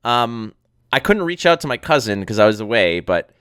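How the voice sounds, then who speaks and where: A man co-hosting a casual podcast, telling stories in an animated way, laughing often and mimicking people. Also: mid-range voice, normal speed, smooth, no echo, clean studio sound. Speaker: podcast co-host. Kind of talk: casual chat.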